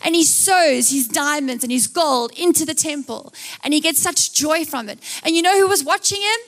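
Speaking at a moderate pace in a voice that sits high, a young woman from South Africa delivers a live sermon full of animated stories. She acts out voices as she goes and peppers the telling with jokey asides.

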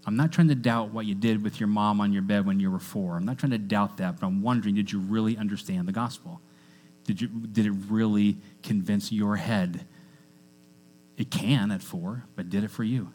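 A man preaching a sermon to a church congregation, energetic, often asking the crowd to repeat lines after him. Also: on the low side, moderate pace. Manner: energetic, with call-and-response to the congregation. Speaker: pastor.

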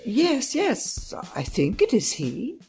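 A woman's voice: fairly high pitch, huge pitch swings, a little mellow, soft background music, pitched above the performer's own voice, heavily acted. Woman playing a hesitant prison guard. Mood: uncertain. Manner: uncertain, halting answers.

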